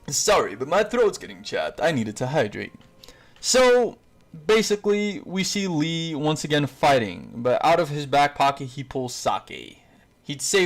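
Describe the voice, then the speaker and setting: A man's voice: mid-range voice, big pitch swings, measured pace, faint music behind. A man narrating a fan-made story in a casual, rambling way, with fillers and self-corrections.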